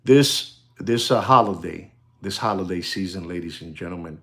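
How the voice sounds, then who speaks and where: A man hosting a casual livestream, talking in an animated, repetitive, conspiratorial way straight to his viewers, slipping into Spanish now and then. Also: deep voice, normal speed. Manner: conspiratorial, addresses viewers directly. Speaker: live stream host.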